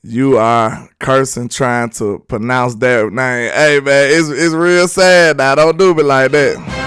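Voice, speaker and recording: A man's voice: mid-range voice, steady tone, takes it slowly, fairly bright tone, smooth, dry recording, soft background music. A young man from Alabama with a Southern US accent, hosting live sports talk in a loose, joking, slangy way while reading viewer chat.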